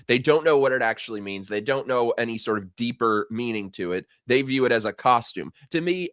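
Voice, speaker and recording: A man's voice: on the low side, pushed and bright, no room sound, clean studio sound. A man joining a live stream as a guest, joking and laughing a lot in casual chat.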